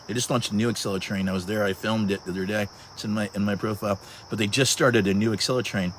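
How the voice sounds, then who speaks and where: This early-sixties man runs a casual outdoor livestream at sunset, chatting away, restarting often, and calling viewers by their handles. His voice sits on the low side with fairly even intonation and a quick pace. A little hiss or hum is audible.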